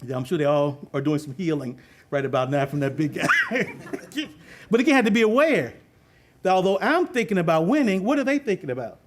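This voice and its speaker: A middle-aged man with a high voice tells a story from coaching youth football. He is animated, laughs often and acts out the voices of the people in his story. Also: brisk, noisy background. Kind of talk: storytelling talk on leadership.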